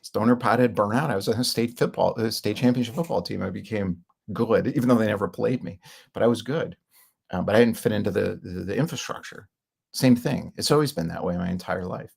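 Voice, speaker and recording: Gravelly, husky middle-aged man. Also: fairly low pitch, a little fast, darkish tone. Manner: rambling and candid, with filler words and short laughs. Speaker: founder telling his business story. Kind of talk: casual monologue.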